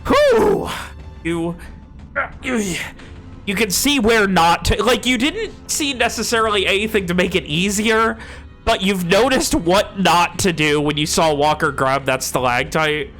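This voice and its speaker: Bright-voiced man running a tabletop game. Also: high voice, expressive, unhurried, faint music behind. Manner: casual, swearing, acts out player reactions. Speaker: game master.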